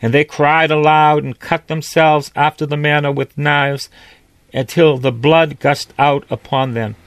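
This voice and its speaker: A man's voice: on the high side, fairly even intonation, measured pace, no room sound. Man, priest, sermon, reads scripture and explains it, voice rises on quotes, dry close sound.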